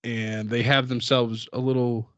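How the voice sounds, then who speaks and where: A man's voice: mid-range voice, level tone, a little slow, a bit bright, no room sound, highs cut off. A man co-hosting a podcast, chatting eagerly about wrestling and laughing often. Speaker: podcast co-host. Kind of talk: casual wrestling chat.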